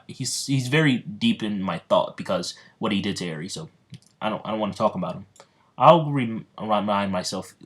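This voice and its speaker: Rambling young man telling a fan story. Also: fairly low pitch. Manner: rambling, filler-heavy, excitable. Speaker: storyteller, video creator. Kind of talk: casual fan-story narration.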